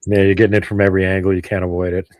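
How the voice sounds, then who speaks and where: A man chatting casually as a co-host, calm and with dry humor. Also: low voice, very fast, dry recording. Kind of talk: casual chat.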